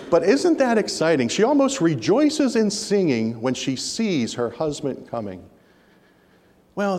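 A man's voice: high voice, darkish tone. A man preaching a sermon in a church, earnest and repeating key phrases for emphasis. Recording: reverberant hall.

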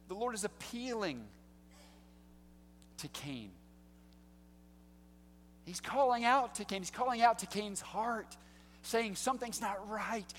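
A man preaching an expository sermon, swinging between hushed, slow passages and loud, emphatic lines. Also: sits high, slight background noise. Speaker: pastor. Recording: long hall reverb.

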